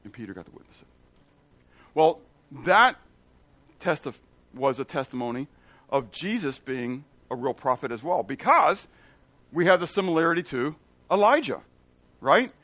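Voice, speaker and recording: Male Bible teacher, slightly high voice, animated, quizzes the listeners, dry sound. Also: normal speed, pauses often, no room sound. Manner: animated, asks the listeners questions, acts out quoted lines.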